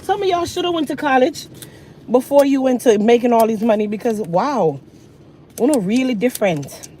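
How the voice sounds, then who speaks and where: A woman in her thirties ranting casually while getting ready, sassy and animated, talking with food in her mouth. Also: fairly high pitch, moderate pace, slight background noise. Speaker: hair care vlogger.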